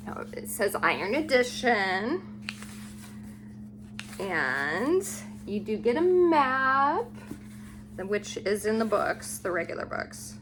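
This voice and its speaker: Woman, book vlogger, casual show-and-tell, slow, admiring, gushing. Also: mid-range voice, very animated, background noise. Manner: gushing, unhurried, admiring each book aloud.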